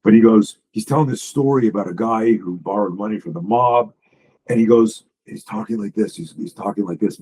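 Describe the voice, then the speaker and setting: Husky-voiced man coaching on a video call. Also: lowish voice, poor audio. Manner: blunt, profane, animated explaining. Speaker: self-defense coach. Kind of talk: presenting slides on a video call.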